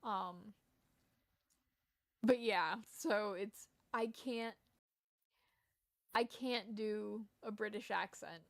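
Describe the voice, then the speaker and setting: A woman's voice: mid-range voice, very slow, vocal fry, pauses often, dry recording, clean studio sound. A woman from Rhode Island with a Rhode Island accent tinged with Southern, a lisp, chatting casually and rambling while streaming a game. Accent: Rhode Island mixed with Southern US. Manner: rambling, self-deprecating, many restarts. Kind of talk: casual gameplay chat.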